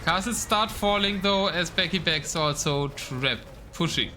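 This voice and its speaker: A young man calling a strategy game match live, his voice fairly high and sharply bright. He mixes relaxed play-by-play with offhand chat to the viewers, in a casual, easy way. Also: unhurried, a little hiss or hum. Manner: casual, chats with the live chat between calls. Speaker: esports caster.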